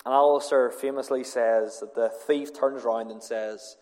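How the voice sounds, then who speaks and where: A man's voice: medium pitch, fairly even intonation, moderate pace, few pauses, darkish tone. Earnest male preacher in a reverberant hall. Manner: earnest, emphatic, with repetition. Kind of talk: evangelistic sermon.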